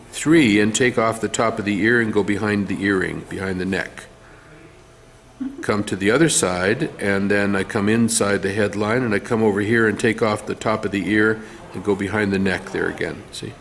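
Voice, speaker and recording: In this drawing demonstration, a man with a fairly low, gravelly, slightly bright voice explains each step of drawing a face as he goes, with some fillers. A little hiss or hum can be heard.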